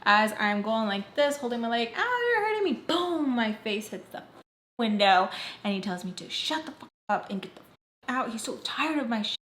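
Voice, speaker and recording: A young woman retelling a personal story in a casual, animated storytime vlog, acting out the quoted lines. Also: medium pitch, normal speed, slight background noise. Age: young adult. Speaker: storytime vlogger. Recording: roomy echo.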